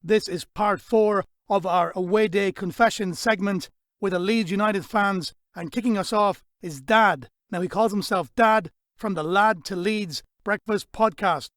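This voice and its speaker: A man's voice: high voice, measured pace, a bit bright, no room sound, clean studio sound. A man hosting a football podcast, upbeat and jokey as he interviews a guest. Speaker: podcast host. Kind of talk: casual interview.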